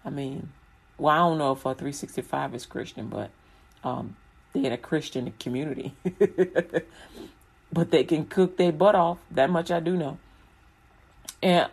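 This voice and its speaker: A woman's voice: sits low, darkish tone, husky. A woman from Chicago in casual chat about faith, rambling and colloquial, breaking into frequent laughter.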